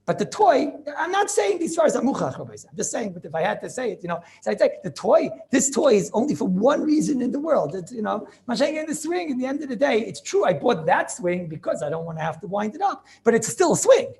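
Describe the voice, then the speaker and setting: A man giving an informal Torah class as a rabbi, animated and repetitive, mixing in Yiddish and Hebrew terms. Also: very high-pitched, quick pace, hardly any pauses. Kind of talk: informal Talmudic lecture.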